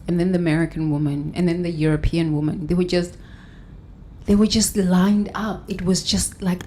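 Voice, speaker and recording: A woman hosting a guided breathing session and self-help talk, counting breaths slowly and soothingly, with loud sighs. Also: on the low side, slight background noise. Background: faint instrumental music.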